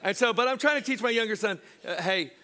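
A middle-aged man, a pastor, preaching a sermon through a personal story, swinging from loud laughing asides to hushed, slow moments. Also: high-pitched.

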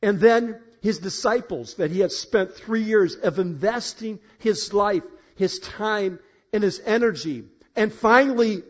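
A high-pitched male pastor preaches to his congregation, booming on key phrases and then dropping to low, intimate asides. He talks straight to the people in the room. The recording is dull and lo-fi. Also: lively intonation, unhurried. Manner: emphatic, swings between loud declarations and low asides; addresses congregation directly, asks for show of hands. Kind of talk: sermon. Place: church in front of a congregation. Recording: dull, lo-fi sound.

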